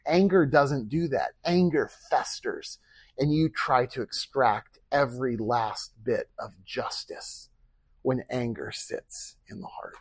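A man's voice: medium pitch, slow pace, slightly rough, no room sound. A man preaching a sermon as pastor, earnest and conversational, with rhetorical questions and acted-out quoted speech.

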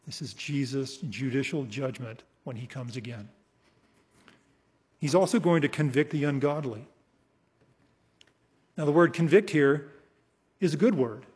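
A male preacher giving an expository sermon, emphatic, slowing down to read scripture and trailing off softly at the ends of phrases. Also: mid-range voice, slightly rough. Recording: long hall reverb.

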